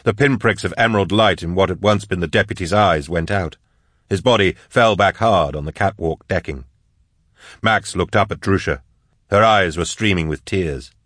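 A man narrating an audiobook in a measured, steady read, close on a studio mic. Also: low voice, dry recording. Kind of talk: scripted narration.

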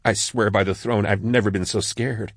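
A man voicing a frightened, sharp-tongued young woman soldier who swears and snaps sarcastically. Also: lowish voice, animated, normal speed, slightly rough, no room sound, clean studio sound, pitched above the performer's own voice. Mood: shaken.

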